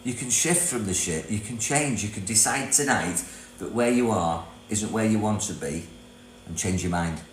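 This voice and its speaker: Older man from Britain, low voice, casual rambling livestream talk, echoey room with faint hum. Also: normal speed. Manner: chatty, rambling, reads comments aloud, laughs often. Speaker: livestream host, self-help coach. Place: property in Thailand.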